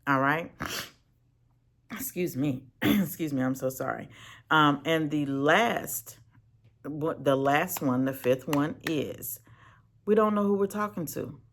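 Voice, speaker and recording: An animated Christian business owner teaches viewers straight to camera in a motivational style. The voice laughs often, restarts sentences with repeated words, and keeps checking in with the listener. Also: medium pitch, takes it slowly, long pauses. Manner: asks the viewer "right?" and "okay?" often.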